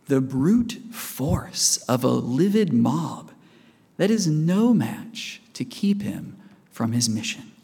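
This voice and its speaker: Slow-speaking preacher in a church. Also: male voice, medium pitch, very animated, creaky, warm tone, slightly rough. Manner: conversational, asks the congregation questions. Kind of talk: sermon. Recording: reverberant church hall.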